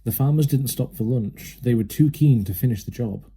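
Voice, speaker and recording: A man narrating a children's storybook aloud with a steady, lively manner. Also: medium pitch, moderate pace, breathy edge. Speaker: reader.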